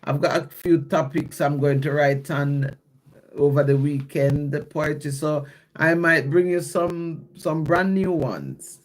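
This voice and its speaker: Speaking at a measured pace with fairly even intonation, a man from Jamaica whose voice sits a little high talks casually on a phone live stream. He shares his poems in his Jamaican accent, pausing to explain and repeat lines.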